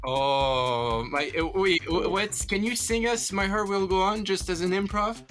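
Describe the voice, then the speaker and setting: Upbeat radio host guy, bright kinda high voice, keeps repeating himself, faint music behind. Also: a little slow. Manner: upbeat, laughs often, stumbles and repeats words. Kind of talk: casual radio chat.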